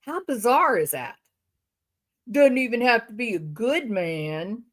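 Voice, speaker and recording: A woman's voice: a little high, very animated. A woman hosting a livestream, giving emphatic, sarcastic reaction commentary. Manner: emphatic and sarcastic, drawn-out phrasing. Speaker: livestream host.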